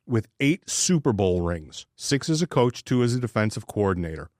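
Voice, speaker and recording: A man's voice: lowish voice, big pitch swings, normal speed, darkish tone, no room sound, studio quality. A man co-hosting a sports podcast, ranting in casual chat and swearing freely. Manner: profane, ranting. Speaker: podcast co-host.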